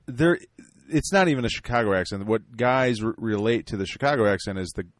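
A man co-hosting a laid-back podcast, with a fairly low voice. He stops and restarts often and lets his sentences fade out, and the sound is dry and close. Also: a little fast, no room sound. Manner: hesitant, full of restarts, trails off quietly. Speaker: podcast co-host. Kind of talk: casual chat.

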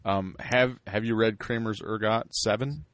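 A man co-hosting a podcast in casual chat, talking hesitantly with lots of restarts and often trailing off quietly. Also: lowish voice, steady tone, unhurried, no echo. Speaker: podcast co-host.

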